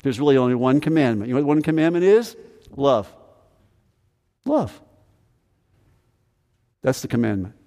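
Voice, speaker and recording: A man's voice: mid-range voice, lively intonation, very fast, few pauses, warm tone, in a large hall. A man preaching a sermon as pastor, emphatic, repeating phrases and asking the congregation questions. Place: church sanctuary.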